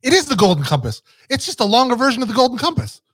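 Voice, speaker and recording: A man's voice: very high-pitched, sing-song, rapid-fire, a bit bright, dry recording. Teasing man in a casual chat. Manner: playful teasing, stammering restarts. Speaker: podcast co-host.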